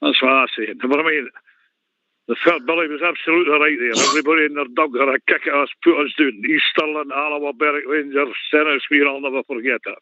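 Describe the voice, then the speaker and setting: A man's voice: a little high, steady tone, fast talker, no room sound. A Scottish man calling into a football phone-in, fired up, defiant and emphatic. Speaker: caller. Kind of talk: casual football phone-in chat. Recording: tinny dry phone line.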